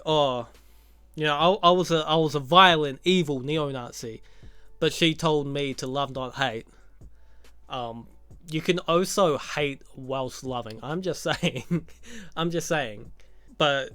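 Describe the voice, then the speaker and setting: A man's voice: a little high, fairly bright tone, clean tone, dry recording. A man giving a casual, profane recap of a movie, full of sarcastic jokes and laughing asides. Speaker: YouTube movie commentator.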